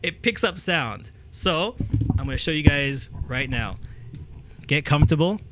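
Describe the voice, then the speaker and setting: A man's voice: a little high, unhurried, very noisy. Upbeat man coaching into a handheld mic. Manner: energetic, repeats "okay?" to check in; demonstrates with the mic, moving it near and away. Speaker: host giving speaking tips. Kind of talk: casual coaching talk to camera. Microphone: handheld microphone.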